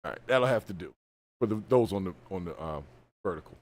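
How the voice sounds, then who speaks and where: A man hosting a live stream, reacting to a video with casual, animated, colloquial commentary. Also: deep voice, quick pace. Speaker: host.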